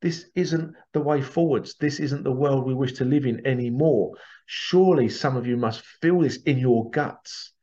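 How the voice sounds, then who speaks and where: A man's voice: medium pitch, moderate pace, mellow, lo-fi sound. A man hosting a podcast, talking earnestly in a rambling, repetitive monologue. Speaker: podcast host. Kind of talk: casual monologue.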